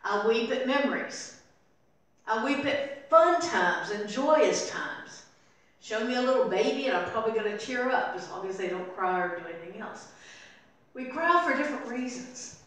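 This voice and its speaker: An older woman preaching a sermon as pastor, telling the story and voicing its people softly. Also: on the high side, lively intonation, normal speed. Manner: storytelling, acting out voices softly in quotes. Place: church sanctuary. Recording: very echoey room, voice from far off.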